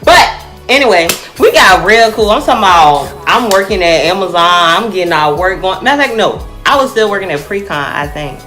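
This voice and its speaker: A young woman telling a personal story to her viewers in a casual, animated way, often calling them y'all. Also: mid-range voice, a little fast, soft background music.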